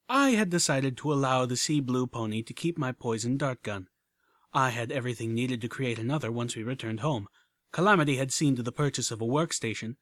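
A man reading a story aloud as an audiobook narrator, measured and even. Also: medium pitch, no echo. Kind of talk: scripted narration.

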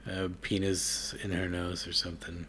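A man's voice: low-pitched, completely flat delivery, moderate pace, sharp tone, slight background noise. A man hosting a casual podcast interview, asking teasing, jokey questions. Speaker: podcast host.

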